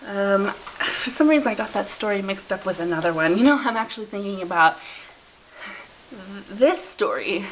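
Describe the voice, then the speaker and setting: A woman's voice: medium pitch, animated, normal speed, a little hiss or hum, low-quality recording. A woman telling a comedic story to camera, rambling, interrupting herself and giggling as she loses track. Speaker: vlogger.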